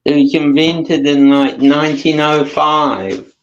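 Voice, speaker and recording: A man's voice: fairly high pitch, level tone, slow pace, muffled recording, slight background noise. A man with a resonant voice, joking dryly on a casual call from his phone. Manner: dry, joking. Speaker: guest on a call. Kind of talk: casual chat.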